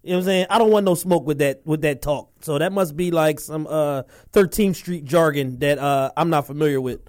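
A man's voice: fairly high pitch, brisk, darkish tone, dry recording, clean studio sound. A man co-hosting a casual podcast in a laid-back, drawling way. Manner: laid-back, drawling, says "you know what I'm saying" a lot. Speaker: podcast co-host.

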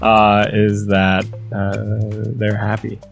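A man playing a tabletop game with friends, halting a little as he describes his character. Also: fairly low pitch, completely flat delivery, creaky, soft background music. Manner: halting, with fillers. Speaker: player. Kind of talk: casual tabletop role-play chat.

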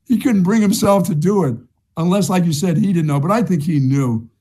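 His voice sits high, mellow with a slight roughness, and he talks briskly. He's a middle-aged sports talk show co-host telling a lengthy story conversationally, circling back over the same bits and laughing at it himself. The clip is casual sports chat and storytelling.

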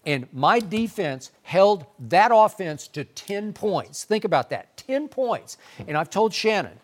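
Guy going off about football on a debate show, kinda high voice, really emphatic. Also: big pitch swings, slow pace. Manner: emphatic, argumentative. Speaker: sports debate host. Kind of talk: sports debate.

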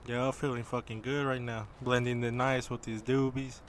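A young man in casual chat, relaxed and slangy, calling everyone dude. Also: medium pitch, moderate pace, slight background noise. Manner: easygoing, slangy, says dude a lot. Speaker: podcast co-host.

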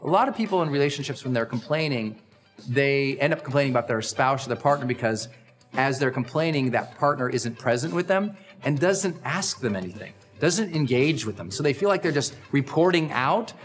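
A middle-aged man hosting a personal growth podcast, giving an energetic, emphatic motivational talk. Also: brisk, faint music behind. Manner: energetic, emphatic, acts out quoted lines with big pitch swings.

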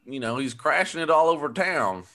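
男性が演じる謝ってばかりの田舎風の犬の散歩係. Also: male voice, a little high, animated, normal speed, sharp tone, pitched above the performer's own voice. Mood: apologetic. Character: apologetic country dog walker man.

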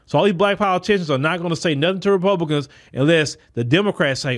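A man hosts a solo podcast commentary, speaking bluntly and emphatically. His voice sits a bit higher than most men's. He often repeats and restarts words as he drives his points home. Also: fast, few pauses. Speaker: podcast host. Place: Texas.

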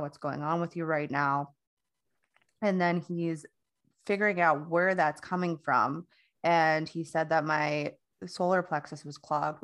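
A young adult woman co-hosting a casual podcast chat, telling a long story with many restarts and quoted dialogue. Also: deep voice. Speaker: podcast co-host.

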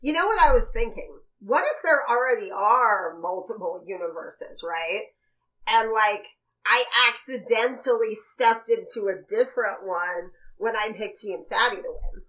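A young woman co-hosting a casual podcast, jokey and quick to break into laughter. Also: medium pitch, expressive, bright, forceful tone, poor audio. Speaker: podcast co-host. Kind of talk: casual chat.

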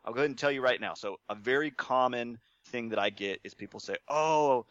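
A man being interviewed, telling his story in a relaxed, self-deprecating way and chuckling often. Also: medium pitch, fast talker, dry recording, dull audio. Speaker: interview guest.

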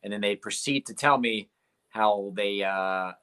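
A man's voice: fairly low pitch, a little slow, sharp tone, clear, resonant tone. A young comedian telling stories from his shows in a casual interview, rambling with lots of "like" and fillers. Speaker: comedian guest.

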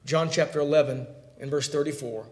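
Preacher man, hushed to emphatic. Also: a little high, fairly even intonation, fairly quick, reverberant. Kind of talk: sermon. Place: church sanctuary.

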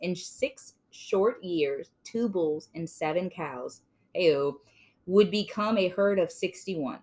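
A woman's voice: fairly low pitch, animated, slow pace, darkish tone. A woman hosting a casual podcast, reading aloud with playful, jokey asides. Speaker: podcast host.

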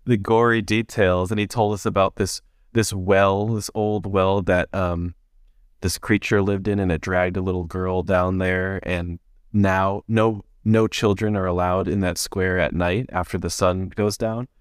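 A man co-hosting a casual podcast, telling stories in an animated way and laughing often. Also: low-pitched, a little slow, clear, resonant tone, no room sound, studio quality. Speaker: podcast co-host. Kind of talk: casual chat. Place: basement podcast room.

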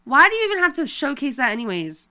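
A woman's voice: high voice, very animated, quick pace, pushed and bright. A young woman in her twenties co-hosting a casual chat, venting animatedly about pet peeves with casual swearing. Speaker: podcast co-host.

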